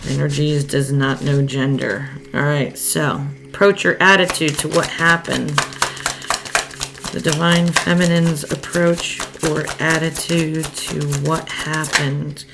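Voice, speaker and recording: A woman's voice: deep voice, little pitch movement, slow, vocal fry, background noise. A woman giving a casual spoken tarot reading, chatty and thinking aloud, often laughing as she talks. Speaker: tarot card reader.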